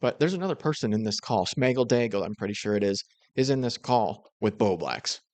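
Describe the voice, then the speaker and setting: A man's voice: on the low side, animated, fairly quick, darkish tone, no echo. A man giving dry, critical and sarcastic commentary over reaction clips. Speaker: commentary host.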